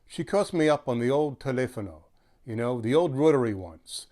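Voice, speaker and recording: Wisecracking man with a lively pitch. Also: normal speed. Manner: sardonic, wisecracking. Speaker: guest astrologer. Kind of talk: comic astrology monologue.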